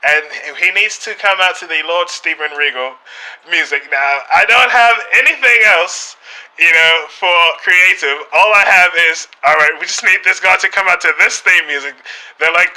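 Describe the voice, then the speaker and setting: Sharp-toned British man, halting speech. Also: high voice, poor audio. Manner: halting, many filler phrases and restarts. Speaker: guest. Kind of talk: in-character podcast chat.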